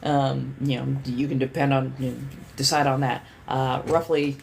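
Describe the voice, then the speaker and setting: A woman's voice: a bass voice, little pitch movement, moderate pace, creaky, darkish tone, a little hiss or hum. A woman hosting a livestream in casual chat. She rambles candidly, swears freely and leans on lots of fillers. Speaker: livestream host.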